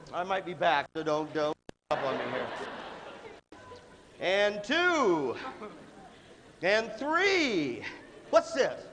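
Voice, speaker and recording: A man giving a joking, animated leadership workshop to a student audience in a large hall. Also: sits high. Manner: animated, joking, acts out quick voices and sudden shouts. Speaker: leadership speaker. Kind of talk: motivational workshop talk. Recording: echoey hall, faint room noise.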